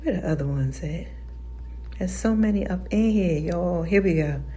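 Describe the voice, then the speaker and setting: A woman's voice: lowish voice, moderate pace, dark tone, slightly rough. A woman hosting her own podcast, telling personal stories in a loose, chatty way, laughing often and acting out other people's lines. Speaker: podcast host. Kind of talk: casual storytelling monologue.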